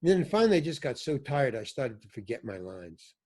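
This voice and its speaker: A man, an older actor, telling animated stories as a podcast guest and acting out what others said. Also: mid-range voice, a little fast. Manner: animated storyteller, acts out quoted voices. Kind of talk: storytelling in a podcast interview.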